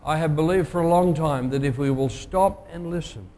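A pastor delivering a sermon, measured and emphatic, slowing down to stress key phrases. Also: male voice, on the high side, warm tone. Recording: long hall reverb.

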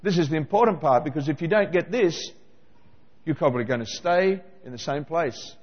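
A man preaching a sermon, animated and constantly questioning his listeners. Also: a little high, normal speed, breathy edge, long reverb tail, lo-fi sound. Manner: animated, questioning the congregation directly.

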